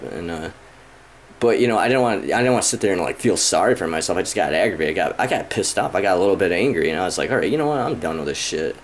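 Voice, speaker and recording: Thirties male vlogger, low voice, rambling profane rant, faint room noise. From Michigan, USA. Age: 30s. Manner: frustrated, profane, rambling with many fillers. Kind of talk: casual rant to camera.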